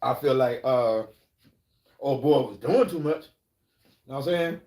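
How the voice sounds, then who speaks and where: A man's voice: medium pitch, unhurried, a little mellow. A man live-streaming, telling stories in a rambling, profane way and checking in with listeners, in an echoey room. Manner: rambling, profane, keeps asking "you know what I'm saying". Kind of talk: casual storytelling.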